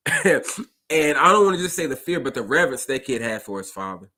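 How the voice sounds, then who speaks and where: A man who drives a school bus, casually telling a story to his listeners and acting out the dialogue with lively jumps in his voice. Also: moderate pace. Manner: animated, acts out dialogue with big pitch jumps; conversational, addresses listeners directly.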